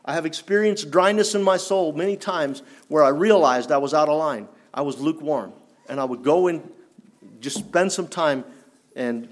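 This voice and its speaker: A man preaching a sermon in an earnest, challenging way, rising for emphasis and dropping low. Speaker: pastor.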